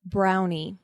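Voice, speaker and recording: A woman's voice: medium pitch, dry recording, clean studio sound. A woman hosting a podcast, playfully quizzing a guest and spelling out names letter by letter. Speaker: podcast host. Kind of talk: quiz game in casual podcast chat.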